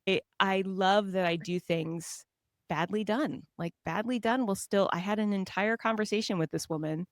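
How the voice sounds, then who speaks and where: A woman from Southern California, a guest on a podcast, telling lively self-deprecating stories and laughing often. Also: mid-range voice, normal speed, dry recording, studio quality. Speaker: guest author. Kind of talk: casual conversational storytelling.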